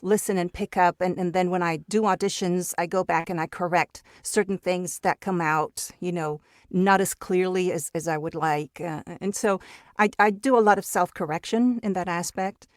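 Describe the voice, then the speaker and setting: This is a woman with a lowish voice whose first language is Spanish, talking easily as a guest in an interview. She restarts her sentences and repeats words as she goes. The sound is dry and close, with no room around it. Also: steady tone, normal speed, no echo. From Mexico. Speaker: guest voice actor. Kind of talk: casual interview chat.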